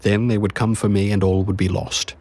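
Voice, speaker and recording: A man voicing a calm, wise exiled queen, speaking slowly and gently. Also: on the low side, close to an everyday voice. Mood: calm regal. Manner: slow, measured, gentle delivery.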